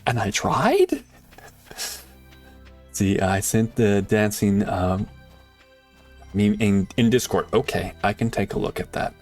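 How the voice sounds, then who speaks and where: A man streaming a game live, chatting casually with viewers and swinging from excited shouts to quiet muttering. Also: lowish voice, slow pace, long pauses, faint music behind. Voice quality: animated, laughs often, jumps between excited shouts and quiet muttering.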